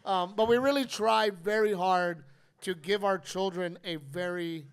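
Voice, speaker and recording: A middle-aged man hosting a live podcast, telling stories in an animated, profane way. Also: high-pitched, unhurried, smooth. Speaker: comedian podcast host. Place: live audience at a distillery.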